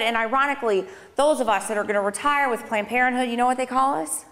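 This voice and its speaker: A slightly high, bit-bright voice races along fast with hardly any pauses. It belongs to a woman in her thirties on a speaking tour, giving her personal testimony conversationally to a live lecture-hall audience with dry sarcastic asides, recorded amid hall reverb.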